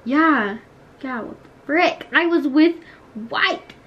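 A chatty teenage girl vlogging as she plays a game, with a fairly high voice. She giggles and grumbles as she talks. Her voice comes through dull, lo-fi camera audio. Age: teens. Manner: chatty, giggly, quick to complain. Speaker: YouTuber. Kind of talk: casual gaming vlog chat.

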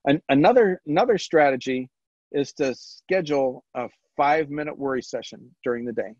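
Halting man giving a webinar talk. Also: medium pitch, darkish tone, dry recording. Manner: halting, with frequent ums and restarts. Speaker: webinar presenter on stress management. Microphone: video call. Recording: dull lo-fi webinar audio, dry.

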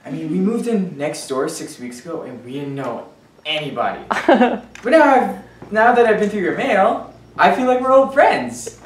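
A woman's voice: medium pitch, animated, normal speed, lightly acted. A woman acting a pushy, nosy teenage boy neighbor, an ex-child star, who talks in an awkward, overfamiliar, giggly way. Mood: eager. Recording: echoey room, mic far off, faint hiss.

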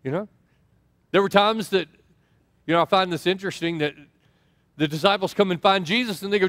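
A man delivers a sermon in a fairly high voice and moves easily into storytelling. He acts out the dialogue in his stories with lively swings. The recording is close and dry, with little room sound. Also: fairly quick, dry recording. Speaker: pastor.

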